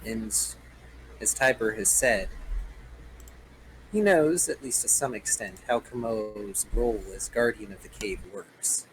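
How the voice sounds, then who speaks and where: A man's voice: on the low side, measured pace, a little hiss or hum, low-quality recording. A man running a tabletop role-playing game, narrating the story dramatically and joking with his players. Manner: storytelling, playful asides. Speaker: game master.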